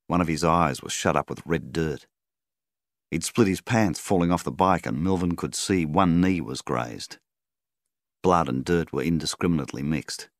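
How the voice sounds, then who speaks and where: A very deep, gravelly Australian man narrates a rural story in steady storybook fashion. His delivery rises and falls with lively intonation, and the recording is close and dry. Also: no echo. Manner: steady storyteller, voices the characters. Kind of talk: audiobook narration.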